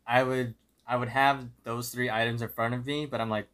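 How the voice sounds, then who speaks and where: A man's voice: medium pitch, flat delivery, moderate pace, a bit bright. A young man co-hosting a podcast, easygoing, often trailing off and correcting himself. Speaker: podcast co-host. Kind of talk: casual chat.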